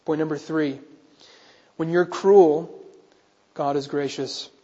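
A man's voice: fairly high pitch, steady tone, slow pace, dark tone, slightly rough. A man preaching a sermon as pastor, earnest and driving his points home with rhetorical questions, in a church. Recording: reverberant hall, muffled sound.

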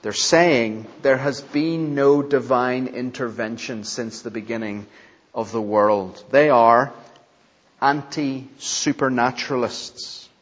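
A man's voice: mid-range voice, slow. A man preaching an expository sermon in a church, emphatic, repeating key phrases and putting questions to the congregation. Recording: dull sound, long hall reverb.

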